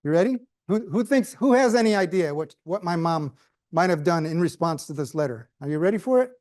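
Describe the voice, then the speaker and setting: A man's voice: a little high, animated, fairly quick, darkish tone, no echo. A middle-aged man giving a prepared speech with humorous storytelling, dry asides and questions to the audience. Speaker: club speaker.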